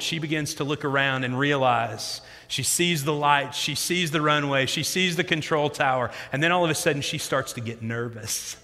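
A man in his thirties preaching a sermon as a pastor, telling stories in an animated way that moves between loud emphasis and quiet reflection. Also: fairly high pitch. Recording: long hall reverb.

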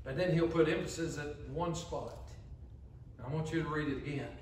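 A pastor, delivering an impassioned sermon and acting out the voices of believers. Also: male voice, fairly high pitch, normal speed, a little mellow, distant mic, a little hiss or hum. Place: church sanctuary. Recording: echoey church sanctuary, mic from afar.

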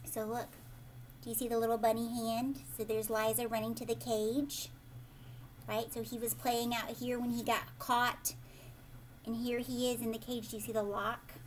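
A woman teacher reading a picture book aloud, pausing to explain the pictures and ask young listeners questions. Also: on the high side, flat delivery, a little hiss or hum. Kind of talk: children's read-aloud storytelling.

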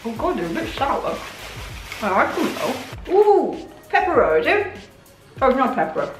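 A young woman vlogger chatting excitedly while unboxing gifts, gushing often, her voice a little hoarse. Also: high-pitched, measured pace, echoey room, faint music behind. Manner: excitable, gushing, many oh my gods. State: voice going hoarse. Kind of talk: casual unboxing chat.

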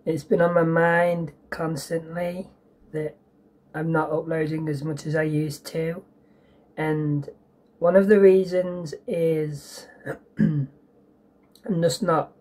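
A woman talking casually to a handheld camera at home in a home vlog, hesitant and full of ums and pauses. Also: sits low, steady tone, mellow. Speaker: vlogger. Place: at home indoors.

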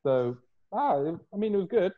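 A man's voice: sits high, sing-song, moderate pace, phone-quality sound. A young man chatting casually on a podcast, rambling loosely and swearing freely. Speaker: podcast host, fitness coach. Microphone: video call.

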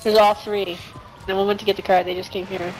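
A woman's voice: mid-range voice, level tone, brisk, darkish tone, low-quality recording. Woman, casual gaming chat, laughs often, game noise behind. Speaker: streamer.

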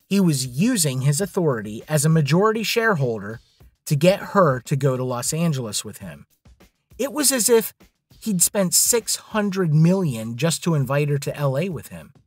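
A man's voice: on the high side, husky, no room sound. A man narrating a scripted drama story in a dramatic storytelling manner.

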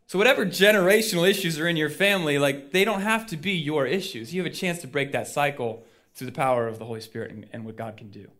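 A man's voice: fairly high pitch, fast talker, a bit bright. A male pastor preaching a sermon in a casual storytelling way, acting out the people he quotes, with lots of fillers. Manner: chatty with many fillers.

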